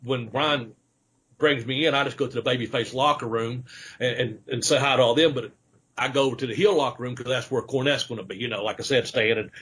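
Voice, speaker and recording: A man's voice: medium pitch, steady tone, brisk, fairly bright tone, breathy edge. A middle-aged man, a former wrestler, casually telling rambling stories on a podcast, with lots of fillers and laughter. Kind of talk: casual storytelling chat.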